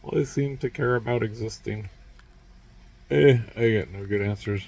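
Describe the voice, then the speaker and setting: A man's voice: on the low side, normal speed, gravelly, a little mellow. A man vlogging alone in a rambling, sardonic monologue full of grunts and muttered asides.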